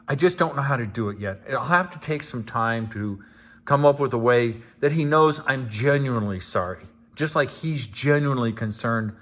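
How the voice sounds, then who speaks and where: A man speaking at an ordinary middle pitch. He talks in a deadpan, mock-sincere way, laying the sarcasm on thick as he addresses viewers in a one-man vlog. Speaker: homeowner vlogger. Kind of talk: sarcastic monologue to camera.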